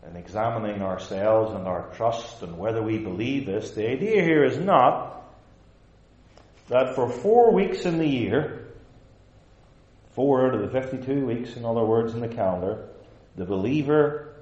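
A man delivers a sermon from the pulpit, pressing his points through emphatic repetition. His voice sits at a middle pitch and carries through a roomy church. The recording is dull and slightly lo-fi. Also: expressive, measured pace, pauses often, darkish tone. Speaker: pastor. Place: church sanctuary.

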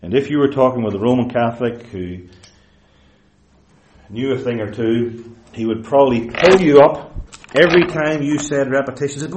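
A man delivering a teaching sermon in a roomy, echoing hall. He leans hard on key words and slows down to draw them out, then correcting himself and pressing on. His voice sits at an ordinary middle pitch. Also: a little mellow, a little hiss or hum. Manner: emphatic, deliberate, stretches key words, self-correcting. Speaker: preacher. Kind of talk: theological lecture-sermon.

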